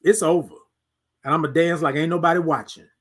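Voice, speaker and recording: A man hosts a motivational talk in a high, husky voice. He repeats his lines like a preacher and slips into quiet, murmured self-talk. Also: fairly even intonation, a little fast. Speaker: podcast host.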